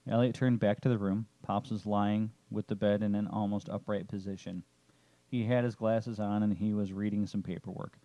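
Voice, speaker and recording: A man narrating a story chapter in a steady, descriptive way. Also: lowish voice, normal speed, dry recording, muffled recording.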